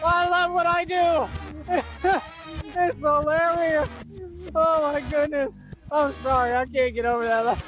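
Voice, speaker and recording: A man's voice: very high-pitched, steady tone, slow, fairly bright tone, soft background music, poor audio. A man calling himself a real-life superhero, laughing hard, boasting and taunting in streetwise slang. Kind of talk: livestream rant.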